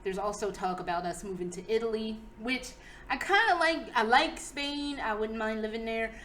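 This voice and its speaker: A young woman with a Philadelphia accent talks loosely to the camera, rambling and swearing without a second thought. Her voice sits a little high, and a faint hiss runs under it. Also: moderate pace, fairly bright tone. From Philadelphia, USA. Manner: swears freely, rambling, laughs often. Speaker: vlogger. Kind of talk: casual chat to camera. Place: apartment room indoors.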